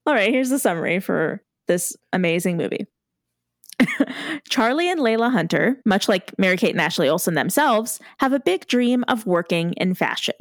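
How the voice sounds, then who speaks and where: A young woman chatting on a podcast with a lively, swooping voice and frequent giggles. She pokes fun at herself as she talks. The sound is close and dry, with no room around it. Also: mid-range voice, normal speed, no echo. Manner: giggly, animated, self-deprecating. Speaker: podcast co-host. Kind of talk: casual podcast chat.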